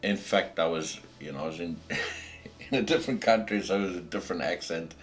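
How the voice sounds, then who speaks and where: A man's voice: sits low, a little fast. A middle-aged man with a South African accent hosting a casual podcast, ranting passionately and preachily, with frequent restarts. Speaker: podcast host. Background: faint background music.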